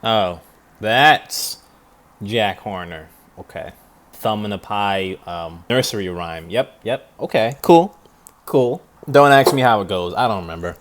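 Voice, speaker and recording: Low-voiced man reacting casually to a film. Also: lively intonation, a little slow. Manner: rambling, thinks aloud with restarts.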